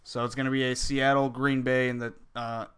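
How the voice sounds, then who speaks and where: A man on a casual sports podcast panel, brisk and to the point. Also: mid-range voice, level tone, fairly bright tone, clear, resonant tone.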